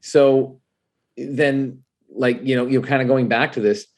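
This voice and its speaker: A man talking as a podcast guest in casual, animated chat, laughing often and calling the host "dude". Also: mid-range voice, measured pace. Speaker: guest, whiskey writer and tasting host.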